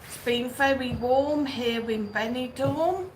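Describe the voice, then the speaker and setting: A woman with a high-sitting voice speaks slowly, greeting viewers by name and chatting through their comments as she hosts a casual live stream. She's outdoors or at home in Benidorm, and the rough recording carries faint background noise.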